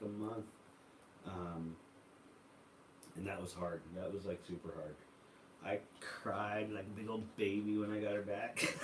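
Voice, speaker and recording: A man's voice: lowish voice, slight background noise. Man, casual livestream host, rambling storyteller, far from the mic. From United States. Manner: rambling storytelling with many fillers. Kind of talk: casual chat reading viewer comments. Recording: echoey room, voice from far off.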